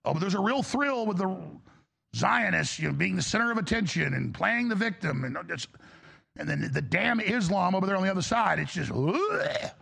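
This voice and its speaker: A man's voice: sits high, lively intonation, moderate pace, pushed and bright. A male talk show host delivering an angry, exasperated political rant, blunt and profane. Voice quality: gravelly.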